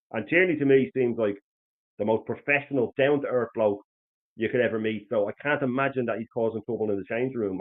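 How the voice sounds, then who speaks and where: A man with an Irish accent talks quickly and casually as a football show host, rambling and animated and often restarting his sentences. His voice comes through a thin, tinny line that sounds like a phone call. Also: fairly low pitch.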